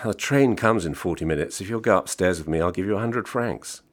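A man reading aloud voices a blunt, insistent American traveller, curt and persistent, with a deep, husky, creaky voice. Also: fairly quick. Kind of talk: audiobook reading.

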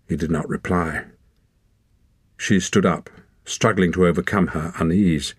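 Male audiobook narrator with a very low, husky voice; measured storytelling, dry close studio sound. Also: steady tone, no room sound. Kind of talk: scripted narration.

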